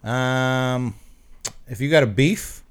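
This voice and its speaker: A man's voice: mid-range voice, takes it slowly, clear, resonant tone. Give me an upbeat, crude-joking man co-hosting a podcast, with a mid-range voice. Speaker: podcast co-host. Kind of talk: casual podcast banter.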